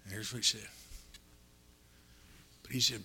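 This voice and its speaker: An older man preaching a sermon, telling stories in a folksy, animated way with sudden loud bursts. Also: fairly low pitch, measured pace, vocal fry, slight background noise. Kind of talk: storytelling sermon.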